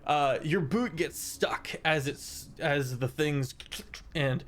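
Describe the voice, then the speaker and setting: A man as dungeon master, describing scenes in a halting, rambling way with many fillers. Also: a little high, slight background noise. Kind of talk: narrating a tabletop game.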